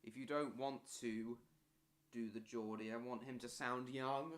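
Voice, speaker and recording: A man's voice: mid-range voice, fairly even intonation, a little slow. A man talking casually on a live stream, answering viewers' chat messages one after another.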